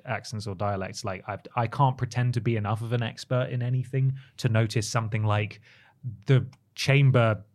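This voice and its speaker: A man's voice: lowish voice, fairly even intonation, normal speed. A man co-hosting a gaming podcast, talking in a casual, rambling way with fillers and self-corrections. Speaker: podcast co-host. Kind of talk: casual chat.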